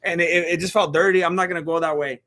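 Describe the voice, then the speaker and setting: Streamer host, male, bright and sharp tone, excitable and incredulous, live watch-along chat. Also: a little high. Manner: talks to the chat with rapid questions. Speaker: livestream host reacting to fights.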